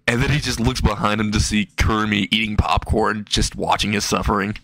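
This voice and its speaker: A man's voice: on the low side, flat delivery, fairly quick, fairly bright tone, no room sound. A man casually narrating a silly fan-fiction story, rambling with restarts and chuckling at his own jokes.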